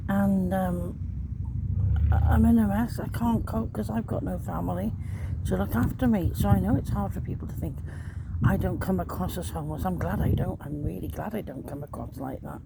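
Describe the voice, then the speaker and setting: A woman's voice: mid-range voice, moderate pace, vocal fry. A middle-aged woman talks in a distressed, rambling personal monologue, repeating herself often. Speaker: vlogger. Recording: noisy background ambience.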